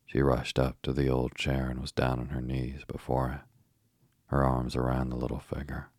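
A man reading a children's story aloud as a bedtime narration, slow, soft and steady, with a husky voice. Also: a bass voice, dry recording, clean studio sound.

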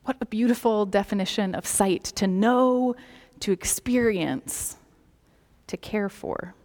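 A woman gives a sermon in a slow, gentle, reflective voice, letting some phrases fall to a soft near-whisper. Her voice sits at a middle pitch for a woman. It carries the long reverb of a large hall. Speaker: preacher.

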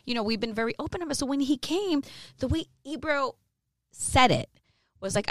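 A woman radio host telling candid stories in a casual interview, animated and peppered with "you know what I mean" and swearing. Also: high-pitched, brisk, no echo, studio quality. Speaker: radio host, guest on a podcast.

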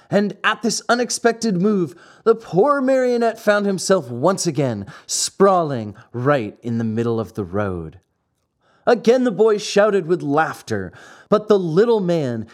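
A man narrating a classic fairy-tale audiobook with an expressive storytelling delivery. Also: on the high side.

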